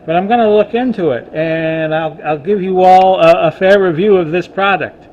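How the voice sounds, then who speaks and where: A man's voice: high-pitched, slight background noise. Rambling older man with a dull lo-fi sound. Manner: rambling and folksy, addresses viewers as folks; halting, with frequent restarts. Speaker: vlogger. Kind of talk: casual chat to camera. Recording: dull lo-fi recording.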